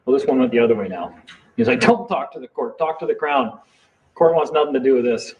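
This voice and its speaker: A man's voice: medium pitch, sing-song, fast, darkish tone. A man telling a heated, defiant story in a casual late-night chat, swearing freely. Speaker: live stream participant. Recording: dull lo-fi sound with faint noise.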